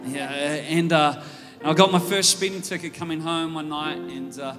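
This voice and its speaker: An Australian man preaching a sermon, telling stories and building up to loud, fervent preaching. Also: a little high, steady tone, moderate pace. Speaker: pastor. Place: church auditorium. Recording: church hall reverb with faint music.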